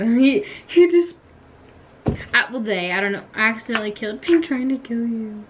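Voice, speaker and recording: A woman's voice: a little high, animated, background noise. Chatty teen girl gaming vlogger. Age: teens. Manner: chatty, giggly, quick to complain. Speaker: YouTuber. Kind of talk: casual gaming vlog chat.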